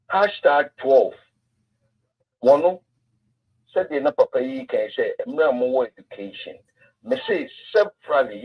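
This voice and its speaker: A man's voice: medium pitch, slightly rough, lo-fi sound. A man with a Ghanaian accent hosting a casual political talk stream, emphatic and repeating words for effect. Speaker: political commentator host.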